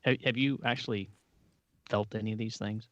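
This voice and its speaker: A man's voice: fairly low pitch, fairly even intonation, moderate pace, no echo, muffled recording. A man co-hosting a tech podcast in casual chat, wry and dry-humored, often stumbling into his sentences. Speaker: podcast co-host.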